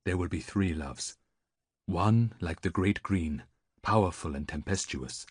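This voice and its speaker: Man doing a grim old seer, very deep, soft and slow, dry audiobook sound. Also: slightly rough, dry recording. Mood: solemn. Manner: quiet, slow and solemn. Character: old gloomy male seer, reluctant prophet.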